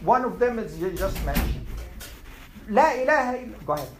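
Lively teacher quizzing his students. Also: sits high, roomy sound, a little hiss or hum, rough recording. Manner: animated questioning, quick summarizing lists. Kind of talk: classroom Q&A lesson.

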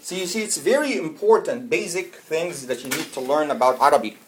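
A man's voice: a little high, lively intonation, brisk, slight background noise. Patient man teaching Arabic phrases. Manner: patient, explains step by step and repeats phrases. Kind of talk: informal language lesson.

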